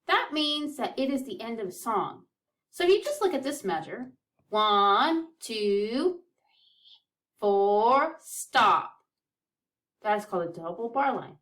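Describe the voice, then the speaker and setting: A woman's voice: on the high side, animated, a little slow, a bit bright, far from the mic. A woman teaching a children's music lesson, counting beats aloud in an upbeat, encouraging way.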